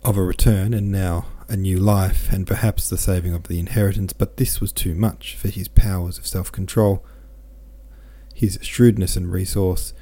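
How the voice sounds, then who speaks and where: A man hosting a podcast, reading a novel aloud with relaxed, chatty asides. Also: sits low, moderate pace. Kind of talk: casual commentary and audiobook reading.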